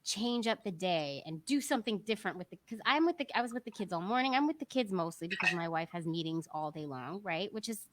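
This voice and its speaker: A woman's voice: lowish voice, expressive, fast talker, few pauses, noisy background. A middle-aged woman co-hosting a podcast, chatting in a candid, confiding way. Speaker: podcast co-host. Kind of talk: casual chat.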